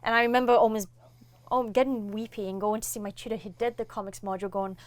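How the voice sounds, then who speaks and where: A young woman, a comic artist, talks fast in a medium-pitched voice with no echo. She's an animated interview guest in a casual chat, acting out the people in her stories and their quoted dialogue.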